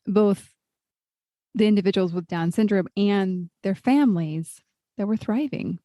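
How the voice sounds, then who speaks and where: Middle-aged woman, podcast host, mellow tone, thoughtful questioner, dry sound. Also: mid-range voice, a little slow, dry recording. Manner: thoughtful, asks long searching questions. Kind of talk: conversational interview.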